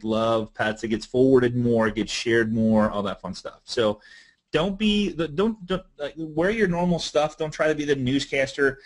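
A man presenting a marketing webinar in a casual, energetic, conversational way. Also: mid-range voice, low-quality recording. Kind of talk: casual instructional webinar talk.

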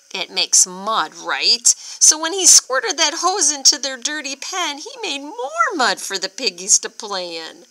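A woman reads a picture book aloud to young children and stops to ask them questions. Her delivery is unhurried, with pitch that swoops up and down. Her tone is very bright. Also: poor audio. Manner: expressive, asks children questions. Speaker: storyteller for children.

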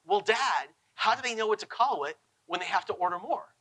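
A man's voice: sits high, lively intonation, brisk, bright, forceful tone, husky, full character voice, poor audio. A man voicing a curious five-year-old girl who keeps asking questions inside a story he is telling on stage. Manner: insistent, questioning.

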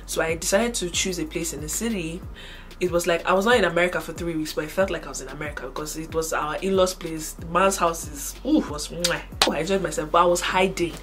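Nigerian woman vlogger, lower voice. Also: fast, soft background music. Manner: animated, switches between hushed and loud. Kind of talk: casual storytelling to camera.

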